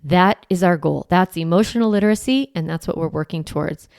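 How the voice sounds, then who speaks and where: A woman's voice: fairly low pitch, brisk, vocal fry, darkish tone, no echo, clean studio sound. A woman in her forties hosting a parenting podcast, talking listeners through ideas in a conversational, reassuring way and often checking in with "right?". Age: 40s. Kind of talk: solo podcast teaching.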